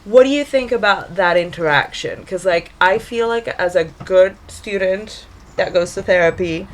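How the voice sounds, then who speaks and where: A woman hosting a podcast who recaps in a chatty, casual way and leans on "like" as she goes. Her voice sits a bit low for a woman. A faint noise runs under it. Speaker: podcast host. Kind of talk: casual chat.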